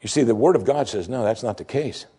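A man preaching a sermon as a pastor. He swings between soaring, forceful emphasis and soft, low asides. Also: fast talker, breathy edge.

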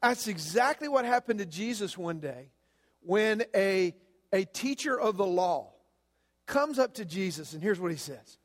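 A man's voice: sits high, expressive, a little slow. A man with a Southern US accent preaching as a guest pastor, folksy and full of fillers, telling a humorous story in a sermon. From American South. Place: church sanctuary. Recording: long reverb of a church hall.

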